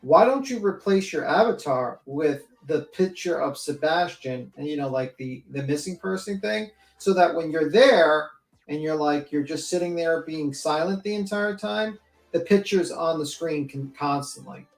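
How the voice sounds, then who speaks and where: A woman's voice: deep voice, moderate pace. A woman panelist on a livestream, chatting casually and ranting bluntly with plenty of swearing. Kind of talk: casual chat. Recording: echoey room.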